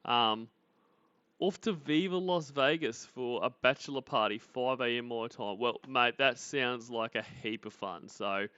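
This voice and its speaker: A man's voice: mid-range voice, measured pace, sharp tone, clear, resonant tone, dry recording, lo-fi sound. A man hosting a livestream, chatting casually with viewers and teasing them with dry sarcasm. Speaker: livestream host. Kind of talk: casual chat greeting viewers.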